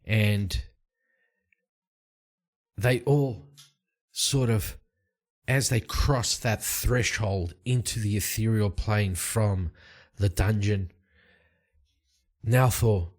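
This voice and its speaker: A man casually narrating his solo tabletop roleplaying game from his home study, relaxed and rambling. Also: lowish voice, slow pace, pauses often. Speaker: solo tabletop game player and channel host.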